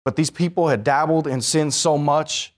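A man preaching a sermon, telling a story from his own life, moving between hushed, slow stretches and loud, fast, rising passages. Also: a little high, fairly even intonation.

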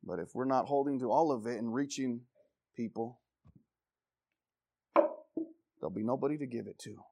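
A man preaching a sermon with passion, swinging from loud exhortation to low intensity and repeating phrases for emphasis. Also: normal speed, gravelly, long pauses, no room sound.

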